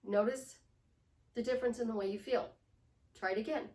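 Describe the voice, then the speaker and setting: A woman's voice: on the high side, moderate pace, a little mellow, reverberant, distant mic. A woman life coach giving a motivational talk, emphatic and repetitive, sometimes sinking to a whisper to show a point.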